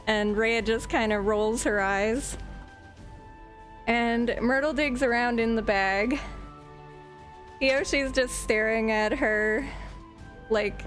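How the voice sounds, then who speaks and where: A woman's voice: fairly high pitch, steady tone, slow, pauses often, faint music behind. A woman narrating a tabletop game as game master in a casual, rambling way, sometimes searching for words.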